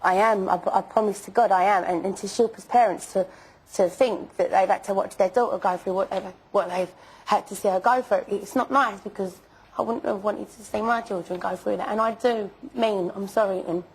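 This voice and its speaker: On a rough recording, a young woman gives an interview in a brisk, steady, mid-range voice with a slightly rough edge. She stammers, repeats words, and issues emphatic denials while insisting on her apology.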